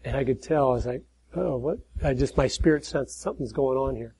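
Middle-aged male speaker, husky and dark-toned, earnest preaching talk that rises to emphatic points and drops low. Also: fairly quick, poor audio. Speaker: speaker at church and conservative conferences.

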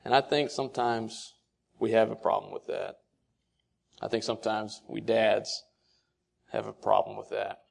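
A man giving a sermon-style talk to fathers, asking rhetorical questions and quoting scripture, his delivery swinging between soft and loud. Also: on the low side, level tone, measured pace, vocal fry, pauses often. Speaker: speaker addressing fathers.

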